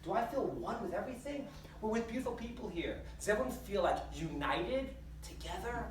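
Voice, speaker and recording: Animated woman giving a spiritual talk. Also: mid-range voice, brisk. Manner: animated, storytelling with rhetorical questions. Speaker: rabbi speaker. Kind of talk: humorous spiritual talk to a live audience. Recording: roomy hall, distant mic.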